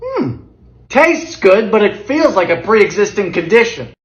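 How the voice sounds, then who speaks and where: A man's voice: sits high, roomy sound, highs cut off. Theatrical man joking through a cooking video. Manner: theatrical, quick deadpan quips. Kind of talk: comedic cooking commentary. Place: home kitchen.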